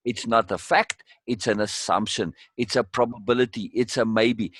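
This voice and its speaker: A man hosting a live group discussion, eager and quick to chime in with agreement. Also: medium pitch, fairly even intonation. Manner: eager, often breaks in with agreement. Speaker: discussion host.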